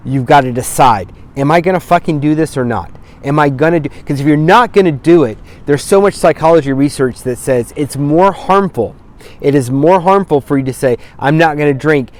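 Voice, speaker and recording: A man's voice: mid-range voice, a little mellow. A man coaching viewers on staying sober, talking bluntly and emphatically and swearing for emphasis. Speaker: sobriety coach. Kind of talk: direct-to-camera motivational talk. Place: outdoors on a cloudy day.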